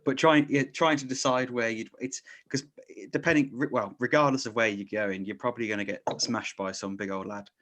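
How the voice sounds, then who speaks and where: A man's voice: medium pitch, fairly even intonation, brisk, few pauses, a bit bright. A man hosting a podcast in casual chat, rambling, often restarting his sentences and laughing. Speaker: podcast host.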